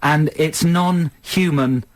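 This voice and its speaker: A man's voice: on the high side, takes it slowly, dry recording. A man hosting a radio show, joking and teasing callers in casual banter. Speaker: radio host.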